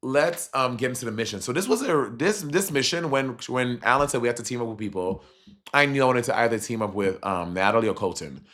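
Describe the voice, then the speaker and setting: A man chatting casually on a livestream as he reacts to a reality show, animated and profane, with sudden jumps in pitch. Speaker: streamer reviewing a reality show.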